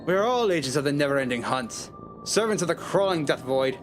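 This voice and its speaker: A man's voice: fairly high pitch, expressive, brisk, over music, natural voice. A man voicing a gloomy doppelganger agent in a game, making grave, melodramatic pronouncements. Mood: ominous.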